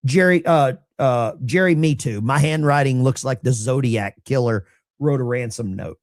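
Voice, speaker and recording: A man's voice: medium pitch, normal speed, no echo, studio quality. A middle-aged man, a veteran, hosting a casual livestream and reading viewer mail in a blunt, salty, self-mocking way.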